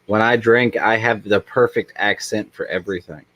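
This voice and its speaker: A man's voice: lowish voice, normal speed, fairly bright tone, dry recording. A man hosting a casual livestream chat, joking and self-deprecating as he rambles along. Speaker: livestream host.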